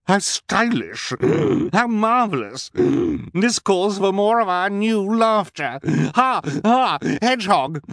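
A shrill, preening villainess shrieks with glee, her voice far above a man's usual pitch, as a male narrator puts her on. The delivery swoops and leaps between high notes. The audiobook sound is dry and close. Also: sing-song, takes it slowly, few pauses, fairly bright tone, no room sound, exaggerated voice. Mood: gleeful. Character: shrill vain villainous woman, fashion-obsessed.

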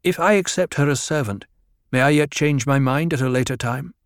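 A man voicing an earnest, careful young male leader who speaks with quiet command, in a dry recording. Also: mid-range voice, a little fast, no room sound, pitched above the performer's own voice, lightly acted.

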